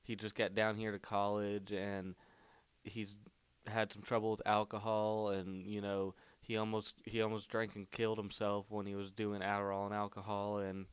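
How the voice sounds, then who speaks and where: A man's voice: on the low side, monotone, normal speed, smooth, dry recording. A young man telling a long story to the camera, rambling with lots of "like" and "you know". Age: young adult. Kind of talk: casual storytelling.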